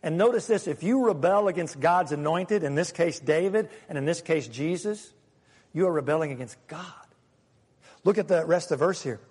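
A pastor with a high, husky voice preaches a lively, animated sermon at a moderate pace, sometimes acting out quoted voices. A long reverb from a large hall follows his words.

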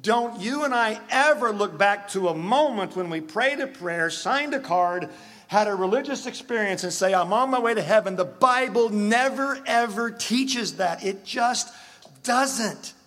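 A male pastor preaching a sermon, emphatic and animated, swinging from loud, excited exhortation to quiet asides. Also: high voice, unhurried.

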